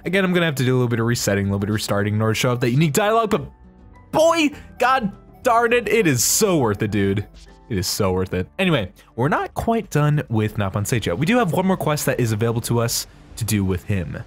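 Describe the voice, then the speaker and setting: A man hosting a let's play, giving excitable, jokey game commentary. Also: mid-range voice, quick pace, faint music behind.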